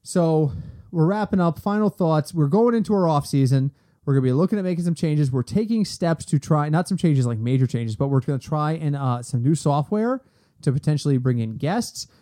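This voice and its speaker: A man hosting a sports podcast in casual chat, animated and ranting in quick bursts. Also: fairly high pitch. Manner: animated, talks fast in bursts and rants.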